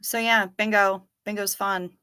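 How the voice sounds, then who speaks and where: Bright chatty woman hosting a livestream. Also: mid-range voice, level tone, a little slow, clean tone. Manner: chatty, reads and answers live comments. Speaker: livestream host. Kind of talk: casual chat reading viewer comments.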